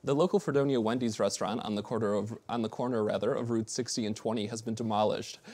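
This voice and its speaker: A man's voice: lowish voice, fairly even intonation, fast, a little mellow. A young man anchoring a college TV newscast, reading steadily with small slips and self-corrections. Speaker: news anchor.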